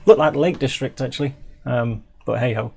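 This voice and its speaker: A man's voice: medium pitch, normal speed, gravelly, husky. A middle-aged man from England chatting casually as he reviews a music video, restarting his sentences and filling gaps with ums. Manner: chatty, self-interrupting, many restarts and fillers.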